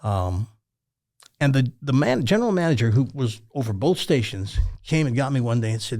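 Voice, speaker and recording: Lively older man telling stories. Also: mid-range voice, normal speed. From Tennessee, USA. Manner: animated storyteller who acts out quoted dialogue. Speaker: former radio host telling stories. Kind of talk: storytelling in a casual interview.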